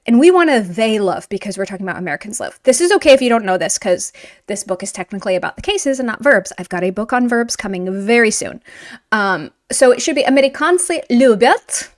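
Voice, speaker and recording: A woman teaching Russian grammar, correcting a student's mistakes in chatty, lively explanations. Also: high voice.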